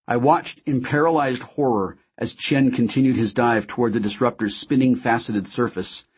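A man narrating a first-person audiobook in a measured, dramatic way. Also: medium pitch, darkish tone, breathy edge.

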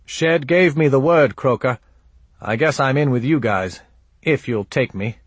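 A man's voice: medium pitch, a little slow, slightly rough, dry recording, voice pushed up. A man reading an audiobook voices Bullock, an earnest male soldier asking to join a band of mercenaries. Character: male soldier, deserter seeking a place.

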